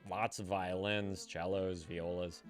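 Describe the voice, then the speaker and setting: A man's voice: low-pitched, flat delivery, takes it slowly, faint music behind. A man hosting a live stream, chatting casually with his viewers, swearing freely and laughing often. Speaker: livestream host.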